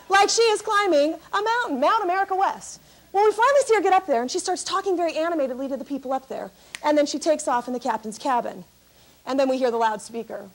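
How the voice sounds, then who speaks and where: High-energy high-voiced woman speaker. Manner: animated, laughing, high-energy. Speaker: keynote speaker. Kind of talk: comic storytelling to an audience.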